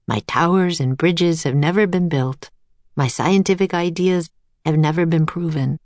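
Heartbroken old inventor, low and quiet, weary storybook role, dry recording; woman reader. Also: moderate pace, no room sound, close to an everyday voice. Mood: sorrowful. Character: sad, defeated older male inventor.

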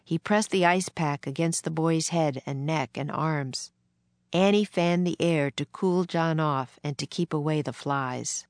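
A woman reading a children's book aloud in a gentle, measured way. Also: deep voice, clear, resonant tone, no room sound. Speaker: narrator.

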